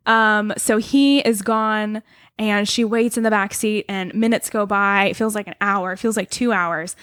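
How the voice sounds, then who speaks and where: A woman co-hosting a podcast, telling a story in casual chat with quick asides and a giggly manner. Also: mid-range voice, fairly even intonation, fairly bright tone, clean tone, no echo, clean studio sound. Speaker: podcast co-host.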